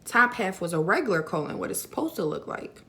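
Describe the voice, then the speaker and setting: Chatty young woman with a lowish voice. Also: big pitch swings, brisk, gravelly, fairly bright tone. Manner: chatty, many fillers like "like" and "you know". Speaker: vlogger. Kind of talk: casual storytelling to camera.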